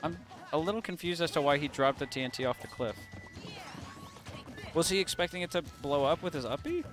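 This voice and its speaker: A man's voice: on the high side, animated, a little fast, music in the background. A young man commentating an esports match in a laid-back, jokey way, explaining plays casually. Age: young adult.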